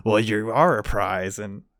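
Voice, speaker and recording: A man's voice: on the low side, sing-song, slow, a bit bright, no echo, clean studio sound. Rambling man acting out quotes. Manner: rambling, acts out quotes with voices. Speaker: podcast co-host. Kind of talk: casual chat.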